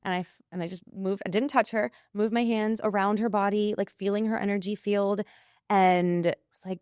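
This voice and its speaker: A woman guest, an intuitive coach, telling a personal story in an interview, animated and acting out the people she quotes. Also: medium pitch, normal speed, clean tone, no echo, studio quality.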